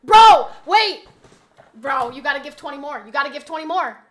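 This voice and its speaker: A woman live streamer chatting casually, exasperated and rambling, often bursting into loud yelling. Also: high-pitched, quick pace.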